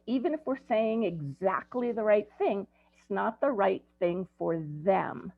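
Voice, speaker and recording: A woman in her sixties, an ADHD coach, tells stories in a relaxed, conversational way and often stops for an um. Her voice has a gravelly, creaky edge. The audio is dry and tinny, as if heard over a video call. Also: mid-range voice, no echo. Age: 60s. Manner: conversational, storytelling with frequent ums. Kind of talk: presentation to parents.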